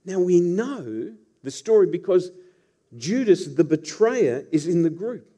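A man's voice: high voice, sing-song, a little slow, mellow. A man preaching a sermon as pastor, telling the story with playful asides to the congregation.

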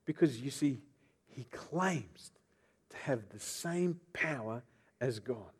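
This preacher tells scripture stories dramatically, alternating quiet, low moments with loud eruptions. He is expressive and slow, his voice carrying a breathy edge.

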